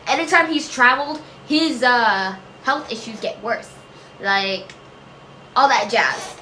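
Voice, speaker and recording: A woman's voice: fairly high pitch, slow pace, pushed and bright. Rambling woman in an echoey room. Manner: rambling and self-interrupting, many fillers and trailing "I don't know". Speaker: vlogger answering viewer questions. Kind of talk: casual chat. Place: home room. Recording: echoey room with faint noise.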